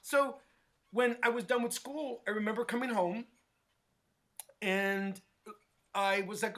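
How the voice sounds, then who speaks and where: A middle-aged man telling stories from his life in a casual interview, animated and acting out quoted voices, often checking in with "right?". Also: high voice, slow pace, pauses often. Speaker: guest, hair stylist.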